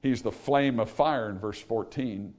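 A man preaching a sermon to a congregation, swinging from hushed, low passages to loud, emphatic ones and asking rhetorical questions. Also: a little slow.

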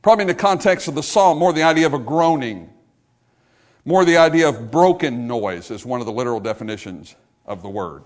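Preaching briskly and with animation, a man calls out to his congregation and repeats phrases to drive his points home. His sermon builds to fervor before falling soft and low.

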